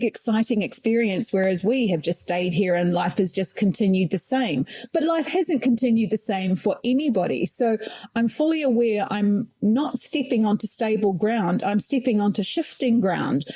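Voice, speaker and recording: A woman's voice: mid-range voice, animated, moderate pace, mellow, no echo. A middle-aged woman with a New Zealand accent, a podcast guest speaking reflectively and thoughtfully. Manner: reflective, thoughtful, laughs lightly. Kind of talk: conversational interview.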